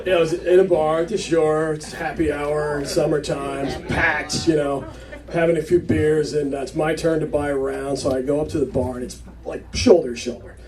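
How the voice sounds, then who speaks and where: Stand-up comic taped from the back. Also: male voice, a little high, steady tone, moderate pace, music in the background. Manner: conversational, rambling with fillers, acts out quotes. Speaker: stand-up comedian. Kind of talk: stand-up storytelling. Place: small comedy club. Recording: club set taped from a distance, crowd laughter.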